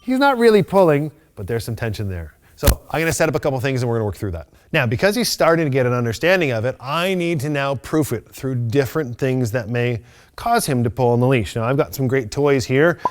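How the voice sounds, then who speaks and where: A man teaching loose-leash walking to a dog on camera, explaining each step calmly and methodically, with bright bursts of praise. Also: medium pitch, a little fast. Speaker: dog trainer. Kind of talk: instructional video demonstration.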